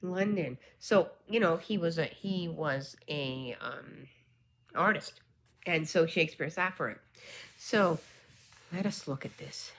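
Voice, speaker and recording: Woman, book vlogger, casual chat, gushing, whispered asides, lowish voice, faint background noise. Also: unhurried. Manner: gushing, excited exclamations, some whispered asides.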